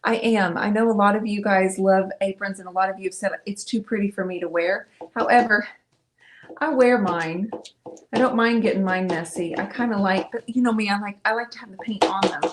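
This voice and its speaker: A chatty, upbeat middle-aged woman hosts a live painting stream. She talks through each brushstroke in a casual, friendly way, her voice sitting in an ordinary middle pitch. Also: a little fast, slight background noise.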